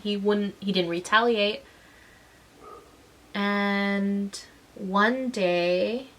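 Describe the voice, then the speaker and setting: A mother and vlogger in a casual storytelling vlog, talking in an animated way and acting out the voices of people in her story. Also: mid-range voice, poor audio. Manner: animated, acts out quoted voices.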